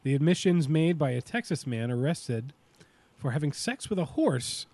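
A man with a stuffed-up nose hosts a casual comedy podcast, reading out a news item with a laugh. His voice is a touch higher than usual, recorded dry and close. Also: animated, moderate pace, warm tone, no room sound. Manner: reads news aloud, laughing often. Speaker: podcast host.

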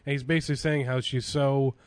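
Guy cohosting a podcast, rambling crude jokes, dry close sound, middle pitch. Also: steady tone, fairly quick, no room sound. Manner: rambling, crude joking banter. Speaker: podcast co-host. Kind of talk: casual chat.

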